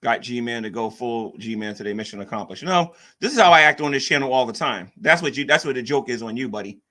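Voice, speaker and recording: A man's voice: mid-range voice, lively intonation, brisk, pushed and bright. A man hosting a casual livestream, rambling and repeating himself as he reacts to chat. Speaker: livestream host.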